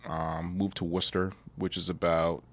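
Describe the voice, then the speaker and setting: A man's voice: low-pitched, moderate pace. Laid-back man from chatting. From Massachusetts. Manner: relaxed, rambling, laughs often. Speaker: podcast guest. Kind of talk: casual chat.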